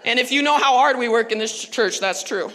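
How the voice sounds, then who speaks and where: A woman pastor preaching a sermon in a church, animated and conversational with laughing asides. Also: a little high, brisk, big-room sound.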